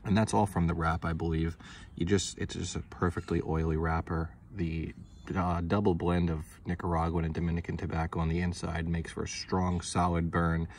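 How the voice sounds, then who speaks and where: A man's voice: deep voice, flat delivery, moderate pace, a little hiss or hum. A man giving a casual, laid-back video review who repeats words and swears offhandedly. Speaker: cigar reviewer.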